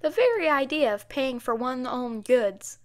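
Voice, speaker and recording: Dry, disapproving housekeeper, flat and firm, a touch high, read by a woman. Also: normal speed, exaggerated voice. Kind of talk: audiobook character voice.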